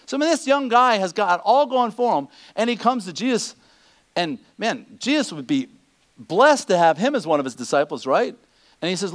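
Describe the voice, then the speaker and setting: Animated high-voiced male preacher. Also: moderate pace. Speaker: pastor. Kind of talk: sermon.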